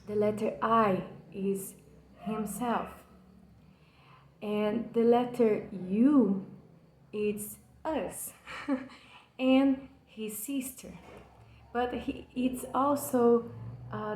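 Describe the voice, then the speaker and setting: Explaining a poem on her channel, a Brazilian woman speaks English, her second language, with a Brazilian Portuguese accent in a dark-toned voice on the high side. Her delivery is slow, earnest, and passionate, yet hesitant with lots of fillers and restarts. The poor audio has an echoey room and slight background noise.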